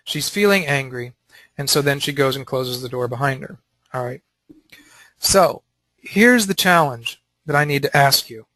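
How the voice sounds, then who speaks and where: A man leading a Christian teaching panel, talking in an animated way and acting out quotes. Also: medium pitch, moderate pace, dry recording.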